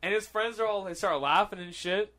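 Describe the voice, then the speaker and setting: Animated young man telling a party story. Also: sits high, fairly quick. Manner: animated storyteller, swears a lot, acts out quotes. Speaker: podcast host. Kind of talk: casual chat.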